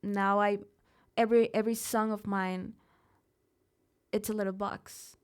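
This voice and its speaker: A woman's voice: medium pitch, little pitch movement, a little slow, clean tone. A young woman from Mexico, a singer, speaking openly and emphatically in a live interview, often restarting her words. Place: live event in a studio.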